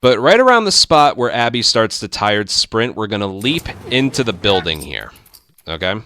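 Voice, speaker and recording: A man hosting a speedrun tutorial, explaining step by step in relaxed casual game commentary. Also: on the low side, normal speed, slight background noise.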